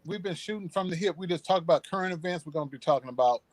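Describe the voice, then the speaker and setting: Animated high-voiced man telling a story. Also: racing, dry recording. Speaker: show host. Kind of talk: casual chat about current events.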